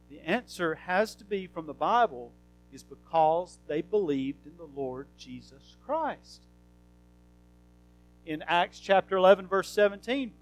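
A man with a notably high voice preaches a sermon in an earnest, conversational way, pausing on fillers and rising into emphatic questions. Faint guitar music plays softly behind him. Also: low-quality recording.

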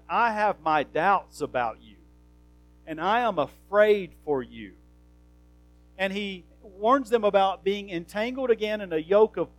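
Man, preacher, high voice, earnest conversational sermon, soft guitar in background. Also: low-quality recording. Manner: earnest, conversational Bible teaching with fillers and rising emphasis.

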